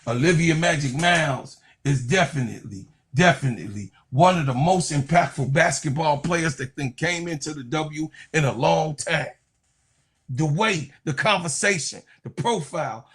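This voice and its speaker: A man's voice: fairly high pitch, expressive, a little slow, fairly bright tone, slightly rough. A man giving a heated, profane sports commentary rant, mocking and laughing.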